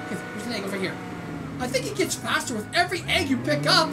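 A woman from Canada hosting a gaming channel, giving excitable let's-play commentary with squeals, shouts and laughter. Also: high-pitched, fast talker. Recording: distant mic with loud game noise.

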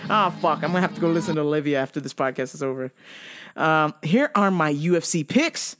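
A woman's voice: low-pitched, animated, a little fast, soft background music. A middle-aged woman hosting a podcast in loose, profane chat, swearing freely and often breaking into song. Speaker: podcast host. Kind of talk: casual profane chat with bursts of singing.

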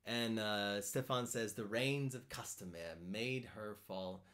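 A man's voice: fairly low pitch, takes it slowly, a bit bright. A man hosting a cello live stream, chatting casually, reading out viewer comments and answering them, often repeating his words as he thinks aloud. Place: home in France.

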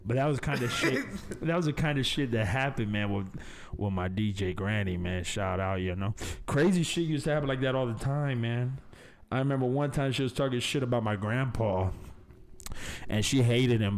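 A man's voice: medium pitch, moderate pace, slight background noise. A young man, hosting a podcast and telling a story in a casual, profane, laid-back way, peppering it with "man" and "baby". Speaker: podcast host.

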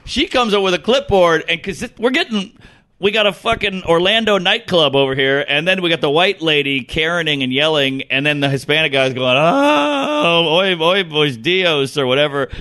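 A man's voice: fairly high pitch, brisk, pushed and bright. A man in casual podcast chat, telling a comic story and acting out the people in it.

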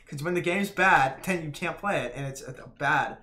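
A man's voice: a little high, moderate pace, pushed and bright. A man streaming a hard game live, swearing and laughing, his voice cracking. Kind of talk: live gameplay commentary.

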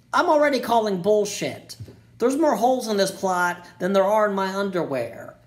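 A man giving a profane comedic movie review, ranting sarcastically and slipping into jokey voices. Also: high voice. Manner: crude, sarcastic rants with jokey put-on voices.

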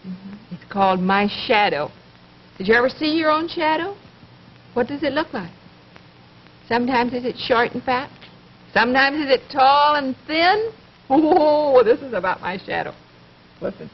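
A woman hosting a children's television show, speaking gently to young viewers, asking questions and pausing for answers, and reading poems aloud. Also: high-pitched, lively intonation, a little hiss or hum. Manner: gentle, coaxing, asks questions and pauses for answers. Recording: dull lo-fi 1950s television recording.

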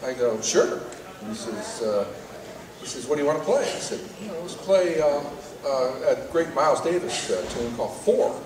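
Lively man telling a story in a hall. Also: mid-range voice, moderate pace, crowd noise. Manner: animated storyteller, many fillers and repeats. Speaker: saxophone player giving a tribute. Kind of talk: storytelling speech. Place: live music event stage. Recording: roomy hall from far off.

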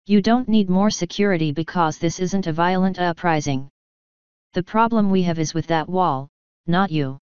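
A woman's voice: on the low side, moderate pace, darkish tone, clean tone, dry recording, lightly acted. A woman voicing Harold, an earnest middle-aged stallion father who speaks firmly and defiantly to the staff. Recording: slightly dull, lo-fi.

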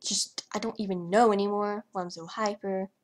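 A woman's voice: medium pitch, fairly even intonation, moderate pace. A young woman vlogger talking over her gameplay in a hyper, rambling way, trailing off and stuttering as she goes. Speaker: gaming vlogger. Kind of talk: casual commentary over gameplay.

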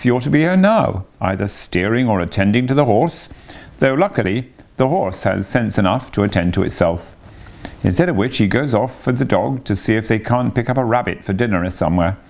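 A man's voice: on the low side, a little mellow. A man voicing a large, hearty canal barge woman who talks in a bluff, friendly way.

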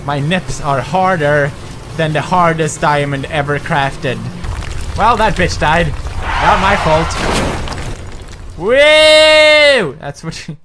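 A man's voice: a little high, unhurried, over music. A man commenting on a horror game as he plays, nervous and joking, swearing as he goes. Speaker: gaming commentator. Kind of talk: let's play commentary.

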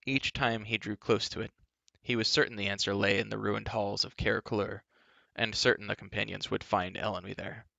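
Gravelly man reading a storybook aloud. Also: fairly low pitch, steady tone, normal speed, bright, forceful tone, no echo. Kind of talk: reading a children's novel aloud. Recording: dull, dry lo-fi recording.

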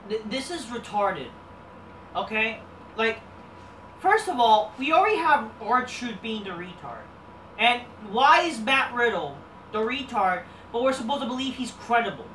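A woman's voice: fairly high pitch, sing-song, unhurried, a bit bright. A woman hosting a wrestling review show, ranting casually with lots of swearing and rambling fillers. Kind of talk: casual profane rant. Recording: roomy, distant mic, faint background noise.

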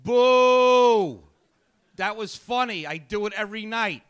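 A male comedian works a comedy club crowd with an abrasive, profane, needling delivery. His voice sits high and comes across bright and forceful. He picks fights with the audience as he goes. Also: brisk. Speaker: stand-up comedian. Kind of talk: stand-up set.

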